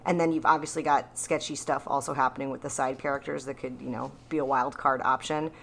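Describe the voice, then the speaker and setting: Low-voiced woman chatting about a TV show. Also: creaky. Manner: animated, laughs often, quick asides. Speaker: podcast co-host. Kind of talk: casual chat recapping a TV episode.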